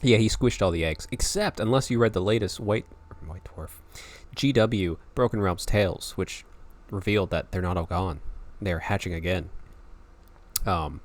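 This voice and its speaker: A man's voice: low voice, normal speed. A young man hosting a casual video-call podcast, rambling, laughing and swearing freely. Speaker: podcast host. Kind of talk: casual chat.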